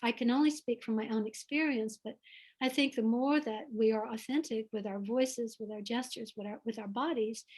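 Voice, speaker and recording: A woman with a Southern US accent, speaking earnestly and warmly about her life in an online author conversation. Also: a little high. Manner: earnest, heartfelt, unhurried. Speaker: author guest. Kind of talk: reflective conversation over video call. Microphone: video call.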